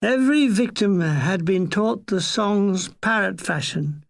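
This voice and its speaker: Slow, gravelly older man reading a comic memoir. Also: high-pitched. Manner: dry, deadpan wit. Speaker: narrator.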